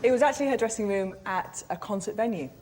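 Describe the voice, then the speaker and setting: A woman's voice: medium pitch, fast, heavy background noise. A woman on a panel show, telling her story hesitantly with many fillers.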